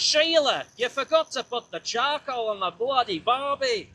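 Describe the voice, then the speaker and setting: A man's voice: very high-pitched, animated, normal speed, bright, forceful tone, a little hiss or hum, pitched above the performer's own voice, full character voice, poor audio. A man putting on a bad Australian accent as a bloke calling to his wife at a barbecue. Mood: mock-bossy. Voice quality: over-the-top fake accent.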